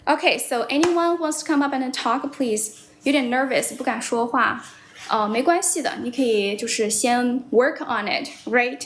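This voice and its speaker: Young woman, livestream host, casual chat, blunt, teasing, slightly high pitch, faint background noise. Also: moderate pace. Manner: chatty, blunt, laughs often, teasing. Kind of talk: casual livestream chat, mixing English and Chinese. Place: based in Shanghai.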